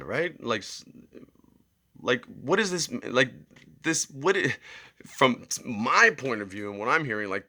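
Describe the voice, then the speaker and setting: A young man rambling through a story in a casual monologue, often asking "right?". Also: lowish voice. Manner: animated, acts out screams and quotes. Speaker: vlogger.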